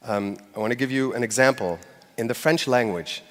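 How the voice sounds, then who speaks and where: A man's voice: fairly low pitch, normal speed. A man giving a live public talk from a stage, speaking conversationally with fillers and restarts and acting out short quoted phrases with light laughs. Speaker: conference speaker. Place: stage in a large hall. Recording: long hall reverb.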